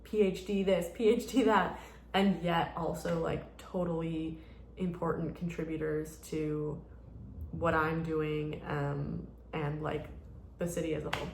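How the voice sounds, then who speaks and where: A woman's voice: low voice, little pitch movement, a little slow, vocal fry, reverberant, a little hiss or hum. A woman around thirty chatting casually in a rambling vlog, full of "like" fillers. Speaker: vlogger. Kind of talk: casual chat.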